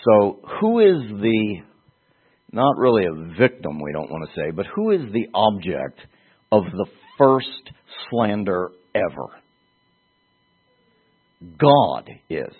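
A man's voice: lowish voice, wildly swooping pitch, slow pace, pauses often, slightly rough. A man preaching an expository sermon, acting out quoted voices as he teaches. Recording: phone-like narrow band.

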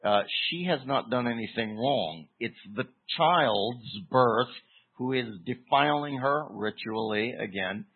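A man delivers a verse-by-verse sermon at an unhurried pace, leaning on key words with deliberate pauses. His voice is husky, and the recording sounds thin and tinny, like a phone line. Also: mid-range voice. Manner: deliberate, emphatic teaching with pauses. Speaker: preacher. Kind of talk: expository sermon.

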